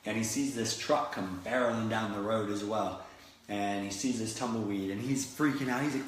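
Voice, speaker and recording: A man's voice: lowish voice, moderate pace, a little hiss or hum. Echoey motivational speaker, man. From Florida. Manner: animated storytelling with many restarts. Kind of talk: motivational talk. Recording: very echoey room.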